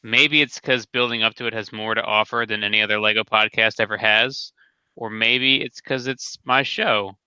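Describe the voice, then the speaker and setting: A man hosts a casual podcast through a headset, his voice very bright and smooth. He jokes at his own expense and drifts into quick asides. The sound is close and dry. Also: lowish voice, fairly even intonation, no echo, highs cut off. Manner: joking, self-deprecating, quick asides. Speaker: podcast host.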